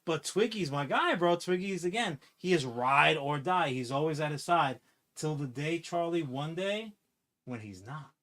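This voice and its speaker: A man chatting casually on a podcast, rambling and swearing as he pitches a movie idea with acted-out quotes. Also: a little slow. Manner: rambling, profane, animated storytelling with acted-out quotes. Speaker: podcast co-host. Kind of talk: casual comic-book podcast chat.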